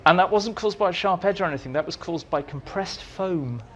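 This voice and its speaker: A man's voice: sits high, fairly quick. A man guest at a fan society meeting, telling stories and acting out quotes in voices. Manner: animated, acts out quotes in voices. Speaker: interview guest, writer. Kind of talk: anecdotal storytelling.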